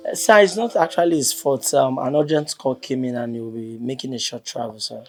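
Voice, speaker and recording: A man's voice: mid-range voice, fairly quick, soft background music, natural voice. An actor playing a polite male messenger in a film drama, calling everyone sir. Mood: apologetic. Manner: polite, deferential, says sir often. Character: deferential young male messenger.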